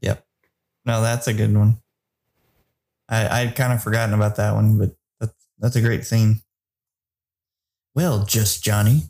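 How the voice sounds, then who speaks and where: A man hosting a casual movie review podcast, leading segments in a relaxed, steady way. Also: lowish voice, normal speed, gravelly, long pauses. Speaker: podcast host.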